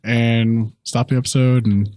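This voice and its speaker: Laid-back Southern game master. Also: male voice, mid-range voice, unhurried, no room sound. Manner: relaxed, filler-heavy, hesitant phrasing. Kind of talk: running a tabletop game.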